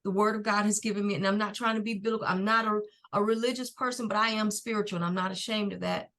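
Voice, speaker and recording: A middle-aged woman, a podcast guest and nonprofit founder, telling her personal story in an earnest, faith-filled and unhurried way. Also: medium pitch, fairly even intonation, fairly bright tone. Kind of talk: personal testimony in a podcast interview.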